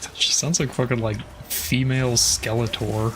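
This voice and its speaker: A man's voice: medium pitch, flat delivery, moderate pace, few pauses, fairly bright tone, a little hiss or hum. A man casually commenting on his game as he plays, thinking aloud, swearing often and trailing off with fillers. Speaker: streamer.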